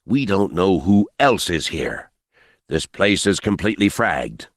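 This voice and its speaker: A worn-out, hostile militia leader, played by a man, speaks gruff and ragged and slightly raised. The recording is dry and close, in an audiobook style. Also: fairly low pitch, big pitch swings, normal speed, no echo, pitched above the performer's own voice. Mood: snarling. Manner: gruff and snarling.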